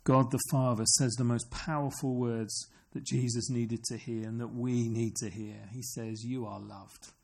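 A man's voice: mid-range voice, level tone, normal speed, few pauses, a little mellow. A man preaching an earnest sermon, often asking his listeners questions. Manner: earnest, asks the congregation questions.

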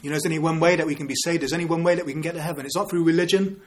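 A man's voice: on the high side, fairly even intonation, racing. A man in his fifties preaching an evangelistic sermon, earnest and full of rhetorical tag questions like "don't we?". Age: 50s.

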